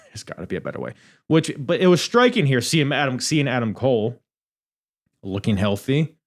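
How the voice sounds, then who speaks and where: A young man hosting a podcast, reviewing in a casual, animated way, swearing and laughing at his own asides. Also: fairly low pitch. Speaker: podcast host.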